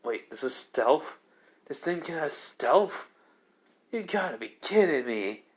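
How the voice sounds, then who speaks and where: A man voicing a brash young male adventurer who exclaims in disbelief and shouts out spell names. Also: on the high side, sing-song, slow pace, voice pushed up. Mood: surprised.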